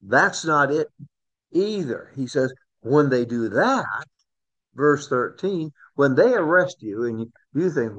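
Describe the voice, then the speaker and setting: A man's voice: medium pitch, animated, takes it slowly, fairly bright tone. Man, Bible study teacher, conversational, repeats himself, asks questions, muffled recording. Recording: dull lo-fi recording.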